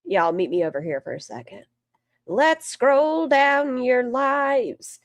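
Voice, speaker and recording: Woman, casual stream chat, blunt and sarcastic, animated intonation. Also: high-pitched, slow, no room sound. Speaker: streamer reacting to a video. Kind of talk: casual live-stream commentary.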